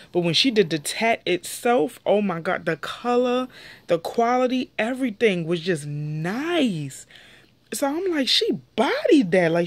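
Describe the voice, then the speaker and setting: A young woman, recapping a reality show in a casual, opinionated way. Her voice sits at a medium pitch and sounds close and dry, with no room around it. She jumps up in pitch when she quotes people. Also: no echo. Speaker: show reviewer.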